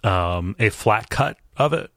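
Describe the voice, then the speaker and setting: A man with a low but bright, forceful voice chats on a tech podcast. He stumbles and restarts his words often. The sound is dry and close. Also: expressive, dry recording. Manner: halting, stammering restarts, laughs often. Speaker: podcast co-host. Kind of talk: casual tech podcast chat.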